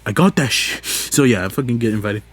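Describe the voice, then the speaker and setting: Speaking fairly quickly with an expressive, fairly bright tone, this young podcast host rambles alone through a profane story. He laughs often, and his voice leaps up when he's exasperated.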